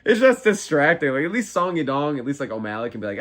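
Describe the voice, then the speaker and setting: A man in his twenties hosting a live fight watch-along, reading chat aloud and reacting in a profane, excitable way. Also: fairly high pitch, fast. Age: 20s. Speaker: live stream host.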